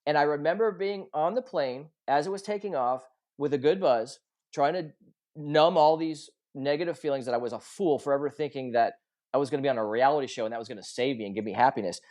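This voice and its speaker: A man's voice: on the high side, quick pace, a little mellow. A man in his forties, a podcast guest, telling a heartfelt personal story in an earnest, confessional way and acting out the dialogue. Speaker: podcast guest, coach and author.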